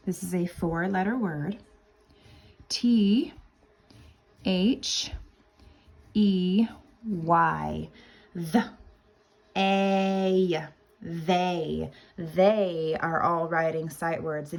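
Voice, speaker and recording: A woman teaching kindergarten sight words, spelling each one out letter by letter in a deliberate, drawn-out way. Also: fairly low pitch, creaky. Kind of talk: slow spelling lesson for young children.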